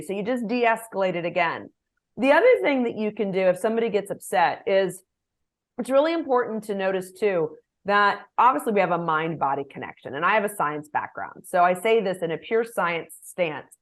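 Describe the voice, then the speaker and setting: A middle-aged woman executive coach answering interview questions in a lively way, acting out example phrases. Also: on the high side, normal speed. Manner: animated, gives examples with acted phrases.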